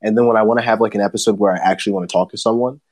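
A man's voice: fairly low pitch, fairly even intonation, racing, darkish tone, dry recording. A man hosting a podcast in casual chat, rambling and laid-back, laughing often and swearing, recorded over a remote voice chat. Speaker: podcast host.

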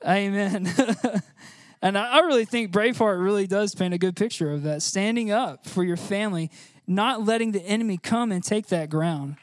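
A man giving an informal, chatty sermon, laughing often and filling pauses with "uh". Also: high voice, dry recording, clean studio sound. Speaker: church speaker.

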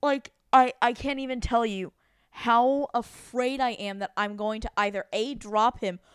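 Young woman, nervous rambly co-host; smooth clean voice, dry close sound. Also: fairly high pitch, steady tone, measured pace, dry recording. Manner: anxious, self-deprecating, rambling with fillers. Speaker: podcast co-host. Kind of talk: casual chat.

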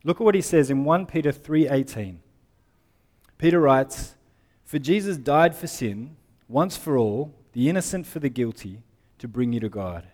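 A man's voice: mid-range voice, lively intonation, normal speed, darkish tone. A man preaching a sermon, who explains scripture in a conversational way and reads passages aloud. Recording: long hall reverb.

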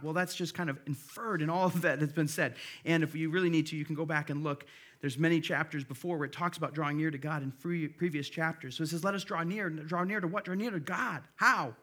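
A man's voice: fairly high pitch, fairly bright tone, breathy edge. A man in his thirties preaching a sermon as pastor, in a casual, conversational way with fillers and personal stories. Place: church service.

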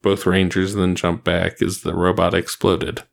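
Deep, gravelly male story narrator. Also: completely flat delivery, a little slow. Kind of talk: reading fan fiction aloud.

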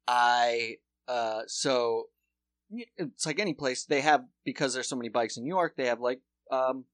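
Podcast co-host, male, bright dry voice, animated swearing storyteller. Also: medium pitch, moderate pace, dry recording. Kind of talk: casual chat.

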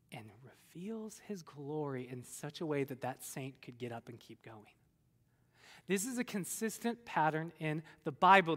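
A high-voiced man preaching in a big hall, his bright, forceful voice trailing off into long reverb. He tells Bible stories like a storyteller, slipping into the voices of the people in them. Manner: animated storyteller, acts out voices of biblical figures. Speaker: pastor. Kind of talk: sermon.

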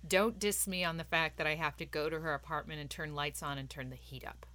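A woman co-hosting a podcast, chatting about a movie, animated and quick to laugh. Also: low-pitched, dry recording. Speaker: podcast co-host. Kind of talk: casual movie-review chat.

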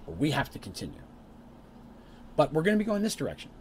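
A level-headed adventurer leading the party, as a man puts him on, hurried and reassuring but firm. His voice moves lively up and down as he explains himself. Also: fairly high pitch, a little hiss or hum. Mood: apologetic.

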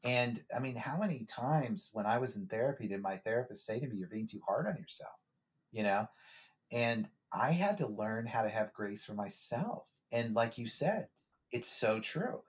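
A male therapist chats on a podcast at a middle pitch. He is reflective and loose, circling back with repeated words and restarts as he works through his ideas. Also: expressive, normal speed. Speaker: therapist guest. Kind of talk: casual podcast conversation.

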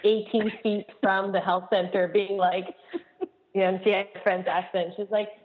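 A woman's voice: medium pitch, normal speed. A woman co-hosting a podcast, telling funny camp stories in a casual, laughing way. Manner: laughing, animated storyteller. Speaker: podcast co-host, camp director. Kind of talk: casual chat. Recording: dull, echoey long reverb.

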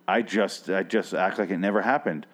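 A man's voice: low voice, moderate pace. A man hosting a podcast, recapping an episode in casual, rambling chat full of swearing. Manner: rambling and sweary, with frequent restarts. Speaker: podcast host.

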